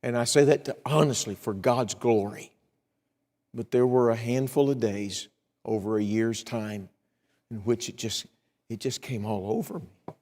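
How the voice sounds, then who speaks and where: A middle-aged man preaching in a church, his voice at an ordinary middle pitch. He acts out prayers in a rising, pleading tone and drops to a near hush when he talks about himself. The voice rings with a long reverb through the sanctuary. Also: steady tone, unhurried. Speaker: evangelist. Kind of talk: sermon.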